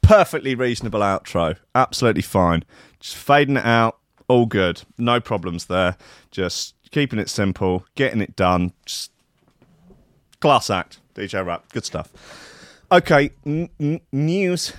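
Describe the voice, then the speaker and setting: A man's voice: fairly low pitch, animated, unhurried, dry recording, clean studio sound. Sarcastic man riffing on news. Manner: sarcastic, rambling, swears often. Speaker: show host reading news. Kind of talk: casual comedic news commentary.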